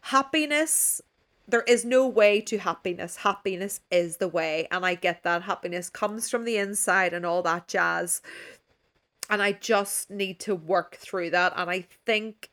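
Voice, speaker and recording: A woman's voice: medium pitch, a little slow, fairly bright tone. A woman in her thirties from Ireland, co-hosting a podcast in a candid, rambling chat and swearing freely over a video call. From Northern Ireland. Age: 30s. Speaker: podcast co-host. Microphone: remote video call.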